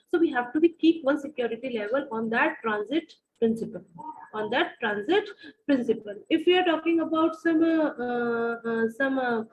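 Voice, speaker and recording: High-voiced woman with an Indian English accent lecturing online. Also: phone-quality sound. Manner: repeats phrases, many fillers, asks the class questions. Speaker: university lecturer.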